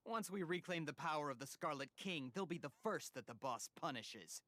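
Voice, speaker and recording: A man's voice: a little high, expressive, normal speed, bright, forceful tone. An actor playing a smug, scheming male cult member and info broker in a game, who talks in a sneering, mocking way.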